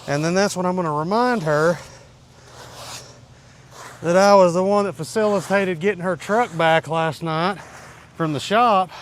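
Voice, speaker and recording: A higher-voiced man talks unhurriedly to his viewers, out of breath as he works. He chats in a loose, casual way. A faint ambient hum sits underneath. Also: a little slow, long pauses. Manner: talks to the dog in a soft, coaxing baby-talk voice. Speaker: livestreamer. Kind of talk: casual live-stream chat while grooming a dog.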